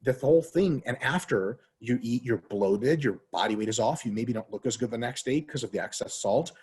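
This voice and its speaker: A man's voice: mid-range voice, brisk, a little mellow, slightly rough. A man as a podcast guest who talks as a fitness scientist, in rambling, profane casual chat and acting out quoted voices. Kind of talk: casual interview talk.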